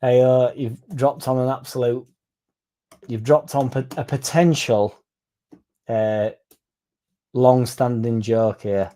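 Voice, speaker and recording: Young Yorkshire man, chatty fan host, laddish and crude, warm low tone. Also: fairly even intonation, slow, pauses often. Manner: sweary, laddish and jokey. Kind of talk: casual chat.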